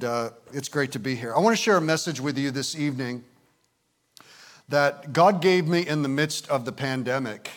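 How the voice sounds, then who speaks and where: A man in his fifties, a pastor, preaching a conversational sermon with frequent "and, uh" fillers, slowing down to read scripture. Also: fairly high pitch, fairly bright tone. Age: 50s. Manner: slows and lifts his voice when reading scripture. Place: visiting church service in the evening.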